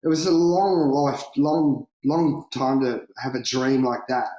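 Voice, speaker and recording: A man, a big-wave surfer, telling stories in a casual interview, lively and swearing freely, laughing and acting out what people said. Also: medium pitch, unhurried. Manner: animated, swearing, laughing, acts out quotes. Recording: roomy echo.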